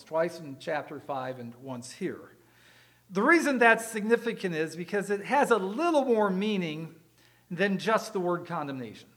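A man with a high, bright voice preaches to his congregation in a church. He explains his points with emphasis and throws rhetorical questions to the room, sometimes stumbling over a repeated word as he restarts a phrase. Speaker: pastor. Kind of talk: sermon.

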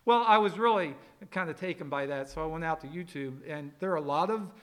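A man preaching an expository sermon to a church congregation, conversational and folksy, with emphatic slow pauses. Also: a little high, fairly bright tone. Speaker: pastor.

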